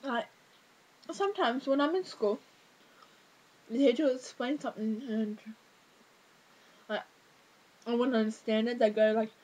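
A woman's voice: on the high side, moderate pace, long pauses, dark tone, rough recording. Ranting teen girl. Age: teens. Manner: exasperated, rambling with many fillers. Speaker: vlogger. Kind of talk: casual rant to camera.

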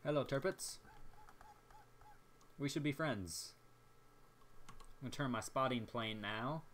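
Young male gameplay commentator, mid-range voice; excitable, self-mocking running chatter. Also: mid-range voice, slow pace, slight background noise. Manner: excitable, jokey, talks to himself while playing.

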